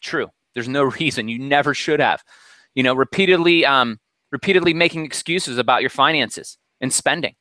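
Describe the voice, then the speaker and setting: A man giving a motivational talk over a video call, energetic and preachy, with many fillers. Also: mid-range voice, moderate pace, no echo. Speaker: presenter.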